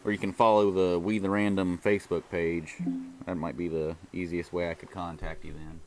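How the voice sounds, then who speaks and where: A man's voice: low voice, little pitch movement, moderate pace, soft background music. A man hosting a casual livestream, chatting loosely over stock charts and thinking aloud with restarts. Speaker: livestream host.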